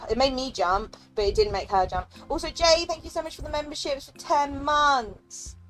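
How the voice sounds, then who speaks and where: A woman's voice: high voice, moderate pace, fairly bright tone, faint music behind. Giggly, chatty young woman streamer. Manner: giggly, emotional, chatty, thanks viewers. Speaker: game streamer. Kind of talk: casual live-stream chat.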